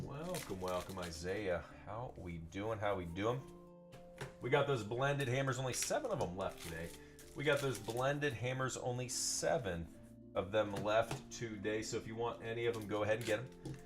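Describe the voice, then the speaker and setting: A young man hosting a live pack-opening stream, upbeat and chatty, greeting viewers by name and repeating phrases. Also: fairly low pitch. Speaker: live card-breaking seller.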